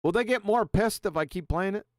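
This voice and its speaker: A man hosting a relaxed livestream panel, his voice smooth and resonant and pitched a little high for a man. He chats easygoing and chuckles, often stumbling and restarting his words. The sound is close and dry. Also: fairly quick, no echo. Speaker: livestream host. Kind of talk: casual panel chat.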